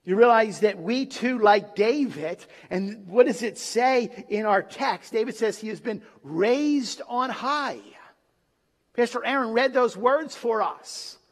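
Male preacher, slow and dramatic delivery, sermon in a reverberant sanctuary. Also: very high voice. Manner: dramatic, with pauses and acted quotes. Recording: long reverb of a large hall.

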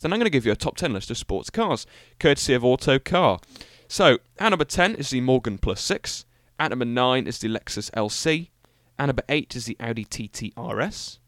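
A young British man hosts his own car podcast, rambling cheerfully and filling the gaps with ums and little jokes at his own expense. His voice is smooth and clear, at a middling pitch. It is recorded close and dry, with no room sound around it. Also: a bit bright, dry recording. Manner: rambling, enthusiastic, self-mocking, many fillers. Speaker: podcast host. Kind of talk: solo podcast car review.

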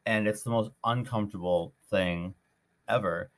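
A man's voice: fairly low pitch, normal speed. A man hosting a podcast, telling a story in a rambling, casual way with many restarts. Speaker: podcast host.

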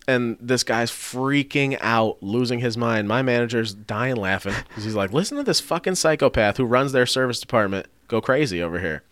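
A man's voice: medium pitch, moderate pace, hardly any pauses, dry recording. A man telling a story in a casual podcast chat, swearing freely and acting out what other people said. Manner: animated storytelling, swearing, acting out quoted voices. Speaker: body shop worker telling a story.

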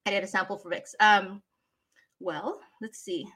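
A woman from the Philippines talks about her teaching and voice work in a bright, forceful voice. She tells her stories expressively, like a practiced read-aloud teacher, speaking casually as an interview guest. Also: medium pitch, a little slow, husky. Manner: animated storyteller, expressive. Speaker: guest, voice talent, former teacher.

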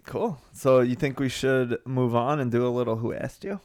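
A man hosting a podcast in casual chat, tossing in quick asides and laughing often. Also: medium pitch, fairly even intonation, a little mellow. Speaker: podcast host.

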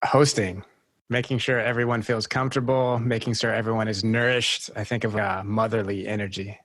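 A man's voice: on the low side, little pitch movement, a little fast, a bit bright, dry recording. A man hosting a podcast, easygoing and answering questions thoughtfully in casual conversation. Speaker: podcast host.

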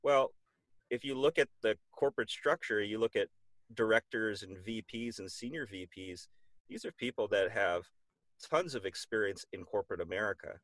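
A man's voice: fairly low pitch, lively intonation, normal speed, a bit bright, dry recording. A man as a guest on an interview show, speaking thoughtfully with many fillers and restarts. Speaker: guest, military veteran. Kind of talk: casual conversational interview.

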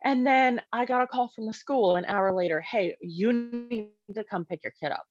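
A woman's voice: a little high, moderate pace, darkish tone, dull audio, faint music behind. A woman casually telling a personal story as a parent, talking conversationally with many fillers and acting out quoted dialogue.

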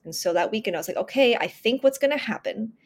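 A woman's voice: a little high, animated, fast talker, husky. A woman of about thirty, a podcast guest telling a personal story earnestly and with emphasis, often restarting and acting out her inner dialogue. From Northern California. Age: 30s.

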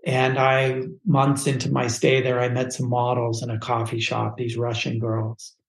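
A man's voice: medium pitch, monotone, unhurried, vocal fry. Podcast guest, man from California, rambling personal story, roomy echo. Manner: candid and rambling, uses "like" a lot.

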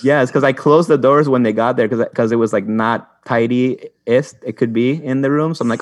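A man's voice: medium pitch, fairly even intonation, moderate pace, hardly any pauses, no room sound, studio quality. A young man telling stories in a rambling way as a podcast guest, with many restarts and fillers. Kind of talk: casual chat.

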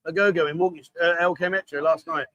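A man's voice: on the high side, fairly even intonation, quick pace, bright, forceful tone, dry recording, lo-fi sound. A man hosting a casual livestream from a bar, chatting with the staff and reading out viewer comments. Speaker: livestream host.

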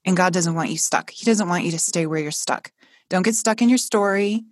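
A woman's voice: on the low side, a little fast, no room sound, clean studio sound. A woman hosting a faith-based podcast, talking in a fervent, encouraging, almost preaching way. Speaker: podcast host.

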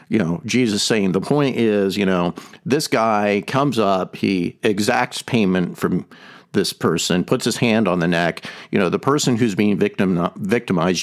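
A man hosting a podcast, giving an earnest teaching talk and restating his main point several times. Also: on the low side. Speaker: podcast host. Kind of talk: teaching talk on a faith topic.

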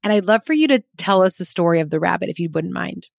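A woman's voice: on the low side, expressive, fast, vocal fry, dry recording, studio quality. A woman hosting a podcast interview, prompting her guest and reflecting on his answers. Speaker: podcast host.

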